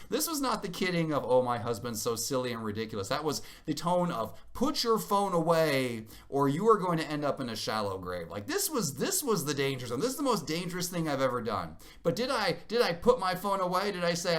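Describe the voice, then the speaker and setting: A man in his thirties tells a family mishap with wry, self-mocking exaggeration. His pitch swings widely as he builds each punchline, and he sits at a middling pitch for a man. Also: a bit bright. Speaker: parent vlogger. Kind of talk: casual storytelling to camera.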